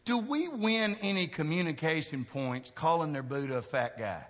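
A man preaching a sermon, talking with the crowd in a chatty way, asking questions, going from quiet to loud. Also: on the high side, animated, normal speed. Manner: conversational preaching, asks the crowd questions, swings from soft to shouting. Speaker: pastor. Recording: long hall reverb.

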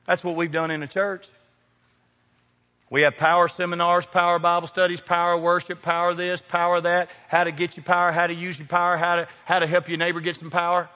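Preaching in a large sanctuary, a male pastor with a high, bright voice jokes in a folksy way and addresses his congregation by name. The sermon echoes with the room's long reverb.

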